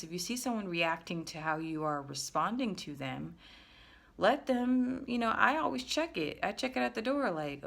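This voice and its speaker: A woman giving a frank, rambling self-help monologue, often restarting her sentences and jumping up in pitch when she makes a point. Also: expressive, moderate pace, gravelly. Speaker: spiritual self-help creator. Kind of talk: casual spoken monologue.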